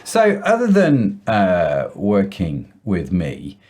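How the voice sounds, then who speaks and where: A man's voice: sits low, wildly swooping pitch, slow pace, breathy edge. A man hosting a podcast over a video call, bantering and joking, with lots of "uh" hesitations. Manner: warm joking banter, many "uh" fillers. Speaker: podcast host. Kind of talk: casual video-call chat.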